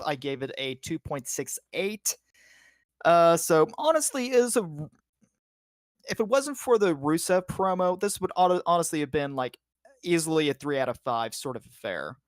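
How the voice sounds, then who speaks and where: A man's voice: a little high, expressive, normal speed, clear, resonant tone, no echo, clean studio sound. A man co-hosting a podcast, giving a casual play-by-play recap full of "like" and "uh" and the odd swear word. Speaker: podcast co-host.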